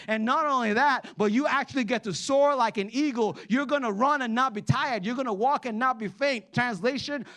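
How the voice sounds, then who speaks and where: A man preaching a sermon, animated, asking the congregation to respond and dropping to quiet asides. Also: very high voice. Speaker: pastor.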